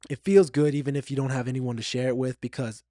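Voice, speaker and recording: A man's voice: medium pitch, fairly even intonation, quick pace, dark tone, dry recording, clean studio sound. A man hosting a solo podcast, talking in a candid and reflective way, sometimes getting emotional and repeating himself. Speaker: podcast host.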